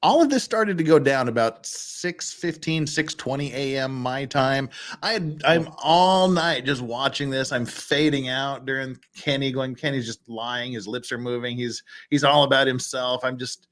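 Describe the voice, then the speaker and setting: A man's voice: mid-range voice, moderate pace. A man hosting a casual chat, amused and laughing as he reacts to courtroom footage. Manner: amused, animated, laughs often. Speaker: host.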